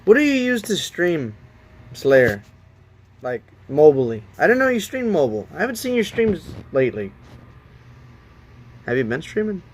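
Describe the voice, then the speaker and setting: Casually streaming from his phone, a man grumbles to himself and his chat while trying to figure out the app's settings. His highish voice swings widely in pitch at normal speed with long pauses, over a little hiss or hum.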